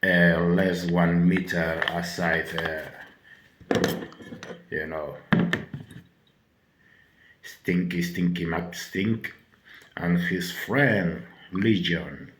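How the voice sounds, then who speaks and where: Low, slow, sick man reviewing perfume. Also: fairly even intonation, a bit bright, roomy sound. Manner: halting, full of filler words and swearing. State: sick with a cold. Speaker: fragrance reviewer. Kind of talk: casual product review.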